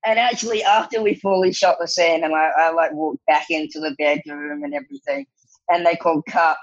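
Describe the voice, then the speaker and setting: A man, an actor guest, telling stories in a casual interview, animated and laughing often as he quotes others. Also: a little high, fairly quick, muffled recording. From New Zealand.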